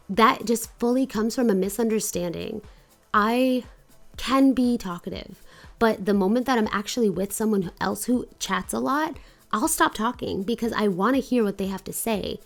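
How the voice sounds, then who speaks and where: A woman's voice: moderate pace, soft background music. A young woman vlogging in a loose, candid casual chat, swearing freely and mimicking others. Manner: candid, loose, swears, quotes others in high mocking voices.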